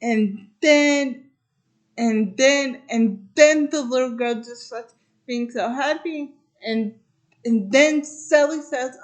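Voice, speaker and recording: Brief: high-voiced woman, slow and rambling casual movie recap. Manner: rambling, repeats "and then" often. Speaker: host.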